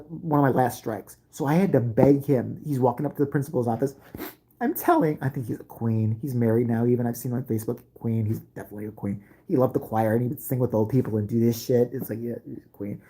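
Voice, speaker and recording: A woman's voice: rumbling low, mellow, breathy edge. A middle-aged woman telling a profane comic story about her school days, brash and laughing as she goes.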